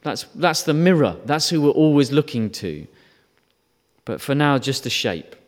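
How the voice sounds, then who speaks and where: A man's voice: medium pitch, big pitch swings, unhurried. A man preaching a sermon in a conversational way, asking rhetorical questions and briefly acting out quotes. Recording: long reverb.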